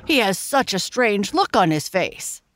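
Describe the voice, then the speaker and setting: A woman's voice: mid-range voice, big pitch swings, a little slow, no echo. A woman voicing an easygoing farmer in a children's storybook, chuckling and amused by his pig.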